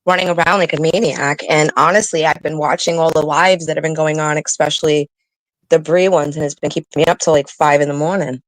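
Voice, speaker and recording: A woman's voice: low-pitched, steady tone, dry recording, poor audio. A middle-aged woman chatting casually as a podcast co-host, telling stories and drawing out words for emphasis. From New England. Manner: chatty storyteller, drawn-out emphasis. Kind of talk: casual chat.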